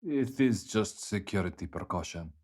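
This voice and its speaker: A jittery, burly bearded driver with a thick Eastern European accent speaks low and apologetic, as a female audiobook narrator puts him on. His voice sits far below her own, with a slightly distant sound, and he stays timid and deferential. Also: animated, normal speed, dark tone, husky, full character voice. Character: nervous stocky bearded male truck driver.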